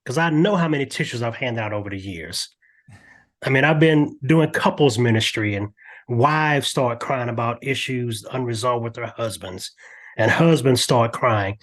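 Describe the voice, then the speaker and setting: An older man, a podcast guest, talking earnestly in a lively storytelling way with frequent restarts. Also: medium pitch, normal speed. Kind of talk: candid podcast interview.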